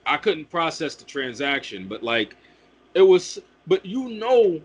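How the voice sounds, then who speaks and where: Young male barista type, husky, animated and profane in casual chat. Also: fairly high pitch. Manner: animated ranting, swears a lot. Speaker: coffee shop worker.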